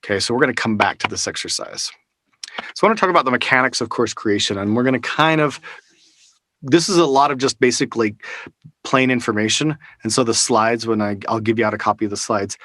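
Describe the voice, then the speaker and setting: Teaching a live online workshop over a video call, this instructor talks fast in a mid-range, fairly bright voice. His delivery is casual, with fillers and false starts, captured dry on a close studio mic.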